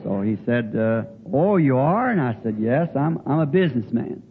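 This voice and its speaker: An older man preaching in a folksy way, telling a homespun story with halting restarts. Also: medium pitch, animated, slightly rough. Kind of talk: folksy sermon anecdote. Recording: tinny phone-like old recording with faint hiss.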